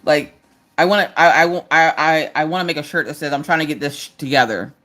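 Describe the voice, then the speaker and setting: Crafting on a casual live stream, a woman in her thirties tells chatty stories and voices the quotes as different characters. She's low-pitched, a little fast, and fairly bright in tone.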